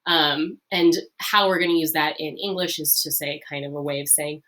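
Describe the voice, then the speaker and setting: A woman teacher explaining a lesson in a friendly, upbeat way, with many fillers, who repeats key phrases slowly. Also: low-pitched, fairly even intonation, fairly bright tone. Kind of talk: recorded lesson.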